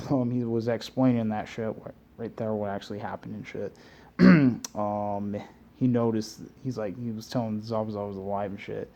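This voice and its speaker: Man, casual episode recap, low mellow voice, rambling, heavy swearing, throat clearing. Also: steady tone, normal speed. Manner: loose and meandering, restarts often. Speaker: anime reviewer.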